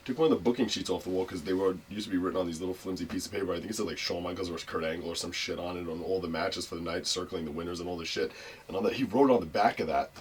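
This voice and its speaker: A guest wrestler with a low voice tells a wrestling story in rapid-fire, casual, profane talk, animatedly jumping into changing voices for the people he quotes. There's a little hiss or hum on the recording.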